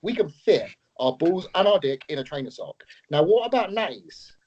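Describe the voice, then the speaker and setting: Joking bloke, slightly high voice. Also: male voice, animated, moderate pace, a little mellow, muffled recording. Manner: blunt, joking, swears. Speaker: podcast co-host. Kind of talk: casual chat.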